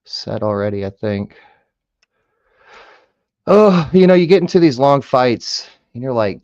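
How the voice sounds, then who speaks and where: A man's voice: medium pitch, sing-song, a little slow, long pauses, darkish tone, no echo, lo-fi sound. A man picking a lock on camera, muttering and whispering to the pins, swearing and cracking jokes as he goes. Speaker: hobbyist lock picker. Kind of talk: casual talk-along while lock picking. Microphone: camera close by.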